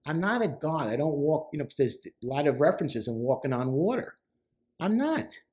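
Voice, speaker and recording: A man's voice: a little high, sing-song, moderate pace, darkish tone. A middle-aged man, a therapist, talking casually about song lyrics, stressing points by repeating words. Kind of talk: casual commentary.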